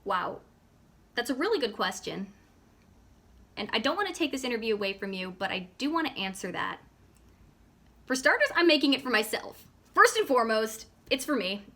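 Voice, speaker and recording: A woman's voice: on the high side, big pitch swings, moderate pace, long pauses, bright, forceful tone. A woman from the United States hosting an interview, speaking earnestly and from the heart. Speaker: interview host.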